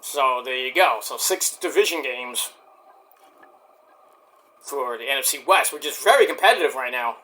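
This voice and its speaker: Reviewing the shows, this man talks loosely to camera, narrating what happens and drifting into asides and curses as if to himself. His medium-pitched voice has a bright, forward edge and an animated, unscripted, chatty delivery at normal speed, broken by long pauses.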